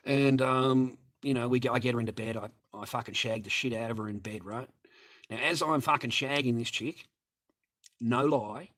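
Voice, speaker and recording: A man's voice: medium pitch, fairly bright tone. Profane rambling man. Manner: profane, rambling, addresses listeners as mates. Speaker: storyteller addressing viewers. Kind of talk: crude casual anecdote.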